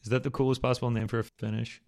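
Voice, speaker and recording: A man's voice: mid-range voice, flat delivery, racing, darkish tone. A man co-hosting a sports betting podcast, chiming in with wry, short remarks. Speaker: podcast co-host. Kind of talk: casual betting podcast chat.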